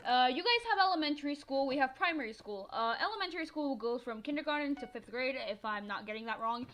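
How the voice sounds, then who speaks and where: Chatty excitable teen girl from Mexico. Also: high-pitched, fast, a little hiss or hum. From northern Mexico. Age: teens. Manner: chatty, excitable, swears freely, laughs often. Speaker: gaming vlogger. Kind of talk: casual storytelling voiceover.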